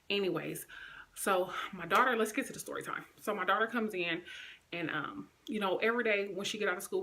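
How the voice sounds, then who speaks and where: A woman's voice: mid-range voice, pushed and bright. A woman in her thirties, a vlogger telling a storytime to camera in a chatty, rambling way that speaks straight to her viewers. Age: 30s. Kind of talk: casual storytime chat to camera.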